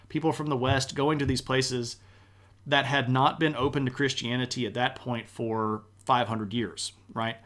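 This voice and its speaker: A man's voice: medium pitch, fairly bright tone. A man streaming a live history lecture, talking in a casual, enthusiastic way with plenty of slang.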